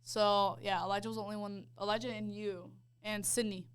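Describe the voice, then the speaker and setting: Speaking fairly quickly in a smooth, level, mid-pitched voice, a young podcast co-host recounts her personal faith journey as casual chat. Her heartfelt storytelling leans heavily on "like" fillers.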